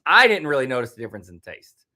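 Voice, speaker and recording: Easygoing male co-host, 30s, rambling delivery, bright tone. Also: medium pitch, very animated, fast talker. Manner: easygoing, rambling, many fillers. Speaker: livestream co-host. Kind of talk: casual live chat.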